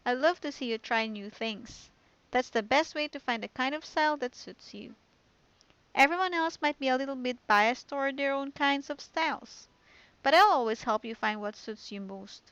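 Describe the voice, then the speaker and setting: Woman reading a poised schoolgirl club leader from a game, gentle and calm, on a dull lo-fi mic. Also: high voice, normal speed, clean tone, dry recording. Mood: encouraging. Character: poised confident teen girl club president. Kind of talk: reading game dialogue aloud.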